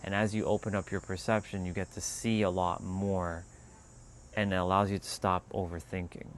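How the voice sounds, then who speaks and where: A man hosting a casual spiritual livestream, talking in a calm, unhurried way that turns loose and profane at times. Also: sits low, a little hiss or hum. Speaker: livestream host.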